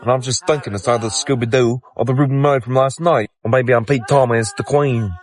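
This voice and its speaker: A man's voice: medium pitch, fairly even intonation, fairly quick, natural voice. A man playing Alfred, a swaggering Cockney petty crook, rambling crudely in rhyming slang in a comedic monologue.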